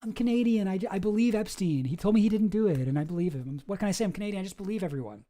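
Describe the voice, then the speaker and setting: A man's voice: high voice, rapid-fire, warm tone, close to an everyday voice. A man voicing a sheepish, apologetic male magazine editor who keeps making excuses in a meek, repetitive way.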